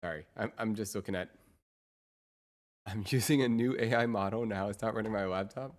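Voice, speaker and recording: A woman's voice: rumbling low, fairly quick, long pauses. A woman streamer chatting casually with her viewers through a real-time AI voice changer, muttering to herself while she sets up her screens. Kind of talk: casual live-stream chat.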